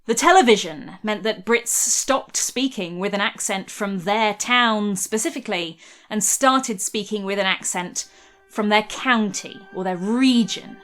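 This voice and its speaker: A woman's voice: medium pitch, a bit bright. A young woman narrating a scripted history video essay in a wry, conversational way.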